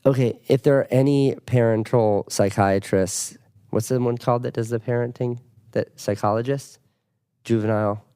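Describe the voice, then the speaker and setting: A man's voice: medium pitch, steady tone, moderate pace, warm tone, smooth. A man in his thirties co-hosting a casual podcast chat with his wife, telling rambling, self-mocking stories. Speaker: podcast co-host.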